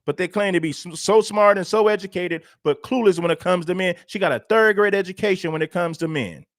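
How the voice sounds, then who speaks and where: A man's voice: high-pitched, a little fast, a bit bright, no room sound, studio quality. A male livestream host giving emphatic, preachy, repetitive commentary. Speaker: show host.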